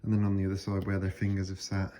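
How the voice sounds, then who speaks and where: A man's voice: low voice, quick pace. A man talking casually as he restores old hand planes, explaining each step while he works in his workshop. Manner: relaxed, explains while working with hand tools. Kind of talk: casual workshop talk to camera. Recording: workshop with clear scraping and rasping noise behind.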